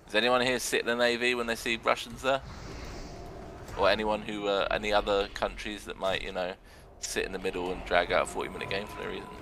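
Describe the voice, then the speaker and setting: A young man giving sarcastic, excitable commentary on a video game match and swearing now and then. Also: lowish voice, a little fast, creaky, noisy background. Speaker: arena commentator.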